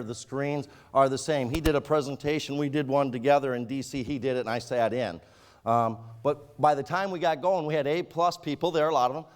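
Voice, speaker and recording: A man from Michigan with a rural Michigan accent, running a software training class in a casual, joking way and speaking straight to the group. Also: fairly high pitch. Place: training room with an audience.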